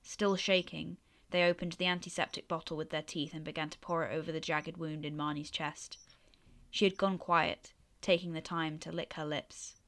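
A woman reading her own story aloud in a steady, even voice, then chatting about it. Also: low-pitched, normal speed. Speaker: author and reader.

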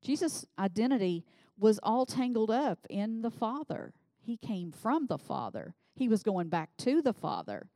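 A woman's voice: a little high, a little slow, few pauses, no room sound. Conversational woman preaching. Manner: conversational, animated when voicing scripture figures. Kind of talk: sermon.

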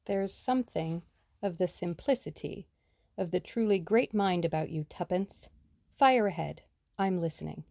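A woman's voice: fairly low pitch, normal speed, creaky, darkish tone, no room sound. A woman reading the lines of a lazy, teasing young man in an audiobook, speaking in a mock-formal, joking way.

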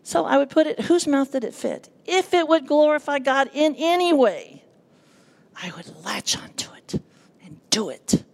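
Woman, church testimony, fairly high voice, gravelly, animated, self-deprecating, a bit nervous. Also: normal speed, few pauses. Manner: animated storytelling, acting out quoted voices, self-deprecating humor. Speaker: church speaker giving testimony. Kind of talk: personal testimony to a congregation.

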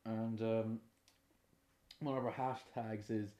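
A man's voice: fairly low pitch, little pitch movement, slow, dark tone. A young man with a Northern Irish accent hosting a casual, unscripted podcast, sweary, rambling and self-mocking. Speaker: podcast host. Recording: roomy echoing room.

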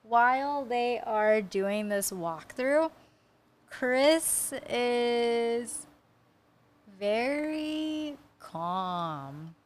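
A woman's voice: a little high, expressive, very slow. Blunt woman retelling a true crime. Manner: blunt, swears freely. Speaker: podcast co-host. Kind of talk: casual true-crime podcast chat.

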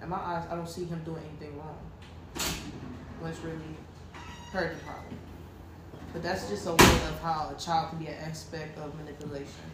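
A woman's voice: sits low, moderate pace, pauses often. A young adult woman telling a personal story in casual podcast chat. She rambles and fills her talk with "like". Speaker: podcast co-host. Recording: very echoey room with steady background noise.

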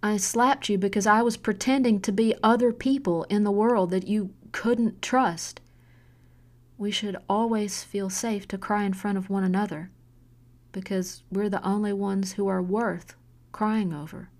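A woman's voice: mid-range voice, steady tone, a little mellow, natural voice. A woman voicing an intense middle-aged mother who is hard on her daughter, speaking in an earnest, pressing way in an audiobook story. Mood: insistent. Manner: earnest, pressing, slow deliberate pleading.

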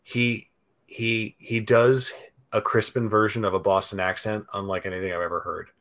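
Excitable man with a bright voice. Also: fairly low pitch, moderate pace. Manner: enthusiastic, excitable. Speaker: podcast guest. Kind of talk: casual chat.

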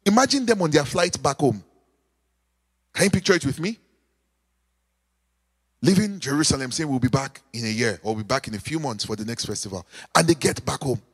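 A man preaching a sermon, animated, with call-and-response, sudden shouts and sung lines. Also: mid-range voice, fairly quick, long pauses, slightly rough, big-room sound. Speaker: pastor.

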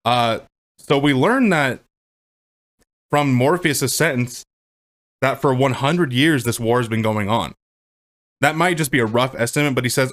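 A movie rewatch podcast co-host recaps a film scene by scene in casual commentary, goofy and profane, joking and slipping into silly character voices. He has a medium-pitched, fairly bright voice and speaks unhurriedly, pausing often.

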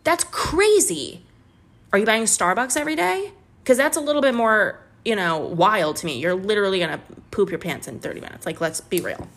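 A woman's voice: medium pitch, expressive, brisk, fairly bright tone. Heated woman ranting about business. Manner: heated, exasperated ranting with swearing. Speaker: podcast host and business coach. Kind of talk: candid business podcast monologue.

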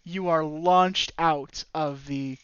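A man's voice: on the high side, fairly even intonation, takes it slowly, a bit bright, smooth. A man running a tabletop role-playing game as game master, narrating loosely with lots of fillers. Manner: rambling, many fillers, laughing. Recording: dry, dull lo-fi mic.

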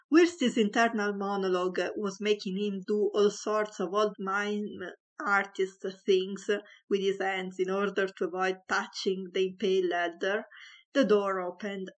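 A woman reading a comic story aloud, with a wry, mock-dramatic narration. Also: mid-range voice.

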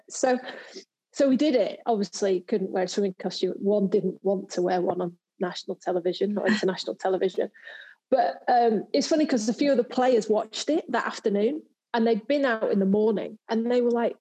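In this low-quality recording, an English woman who used to be a pro golfer and TV presenter chats through a casual interview, telling stories full of fillers and restarts. Her medium-pitched voice is warm, slightly rough, and a little fast.

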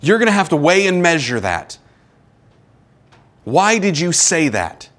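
A man preaching a sermon as pastor, animated, with acted-out quotes and sudden drops to a quiet tone. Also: on the high side, measured pace, pauses often.

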